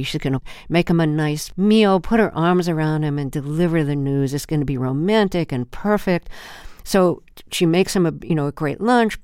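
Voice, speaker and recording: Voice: mid-range voice, darkish tone, clean tone, dry recording, studio quality. A radio interview host speaking casually, setting up questions and stories. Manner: casual, incredulous, with "like" fillers.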